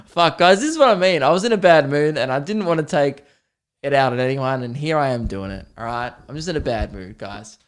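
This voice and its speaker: A man's voice: medium pitch, lively intonation, a little fast. A man hosting a solo comedy podcast, rambling, swearing and self-deprecating. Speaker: podcast host.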